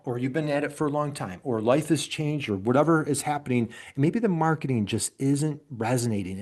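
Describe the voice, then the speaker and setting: An enthusiastic middle-aged man with an upstate New York accent, presenting a business webinar in a voice that sits at an ordinary pitch for a man. He speaks in a motivational way and keeps asking his listeners questions. He is heard through a computer mic on a video call. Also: darkish tone.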